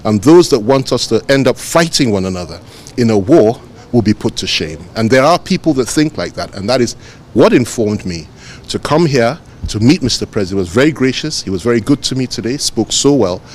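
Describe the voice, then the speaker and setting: A man with a Nigerian accent, a politician answering reporters' questions outdoors in a measured, emphatic way, repeating phrases for stress. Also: mid-range voice, lively intonation. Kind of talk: press interview answers.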